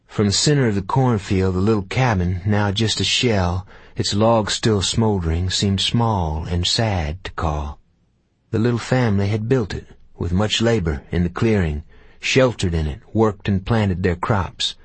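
A man narrating an audiobook in a measured, unhurried storytelling manner. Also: lowish voice, husky, no echo.

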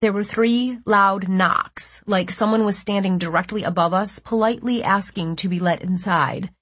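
Woman narrator, first-person audiobook, measured delivery, dry close-mic sound. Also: mid-range voice, slightly rough, no echo. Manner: steady, measured storytelling.

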